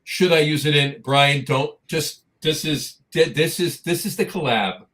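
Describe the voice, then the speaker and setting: A man's voice: fairly high pitch, measured pace, fairly bright tone. A man with a New Jersey accent co-hosting a casual podcast, talking eagerly and repeating phrases for emphasis. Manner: enthusiastic, repeats himself for emphasis. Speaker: podcast co-host. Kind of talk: casual chat.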